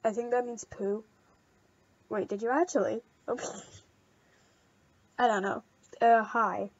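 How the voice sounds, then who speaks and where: A woman hosting a casual gameplay video. She rambles, gushes and gets excitable while thanking friends for gifts. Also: on the high side, slow pace, slightly rough, no echo, dull audio. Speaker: channel host.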